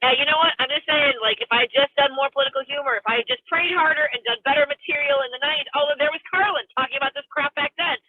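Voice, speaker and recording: A high-voiced woman comic rants with exasperated, self-mocking bite, doing her stand-up set over a video call. Her voice comes through a tinny, phone-like line and sounds dry and close, with no room around it. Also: very fast, few pauses, dry recording. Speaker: stand-up comedian.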